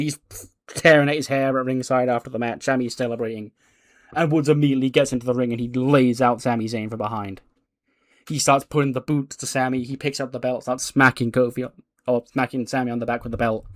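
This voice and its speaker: A man casually narrating a wrestling simulation playthrough, excitable and chatty, with many fillers. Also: mid-range voice, brisk, no room sound. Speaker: game commentator.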